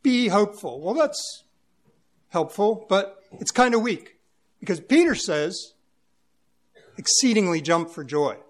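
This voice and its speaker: A pastor with a high-pitched voice delivers an earnest sermon. He reads scripture aloud, then explains it with emphasis, now and then searching for a word. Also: big pitch swings, slow pace, long pauses.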